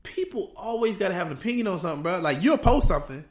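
Animated podcast guy, echoey room. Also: high voice, quick pace. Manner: animated, repeats "bro", laughs often. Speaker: podcast co-host. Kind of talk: casual chat.

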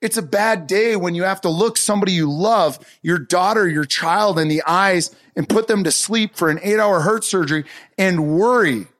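A man's voice: high voice, moderate pace, fairly bright tone. A man giving an earnest, emphatic motivational talk on a podcast, telling a personal story. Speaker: podcast speaker.

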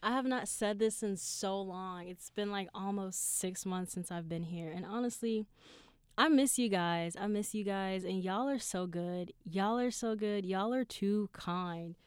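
A woman hosts her own podcast, telling personal stories in a candid, profane solo monologue packed with fillers. Her medium-pitched voice is clear and resonant at a measured pace, with clean studio sound and no room sound.

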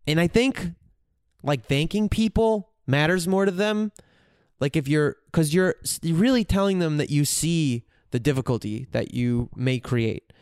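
A man's voice: a little high, takes it slowly, clean tone, dry recording, clean studio sound. A man in a candid, reflective monologue, swearing freely and searching for his words as he goes.

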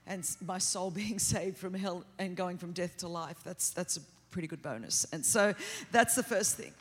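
A middle-aged woman with an Australian accent, preaching a sermon as a guest in a church, talking hard, fast and without pause. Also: mid-range voice. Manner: fast, energetic, continuous delivery. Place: large church auditorium. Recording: long hall reverb.

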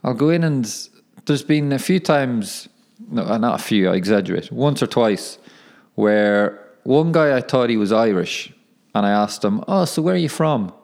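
Easygoing low-voiced man rambling on a podcast. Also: expressive, unhurried, a little mellow. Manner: rambling, self-correcting, laughs at himself. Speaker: podcast host and professional footballer. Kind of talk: casual solo podcast monologue.

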